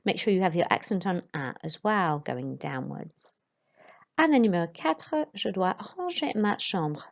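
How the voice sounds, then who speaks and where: Slow, careful woman teaching French. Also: on the low side, sing-song, vocal fry. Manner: slow, careful modelling of pronunciation for pupils. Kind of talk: recorded classroom lesson. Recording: dull lo-fi recording.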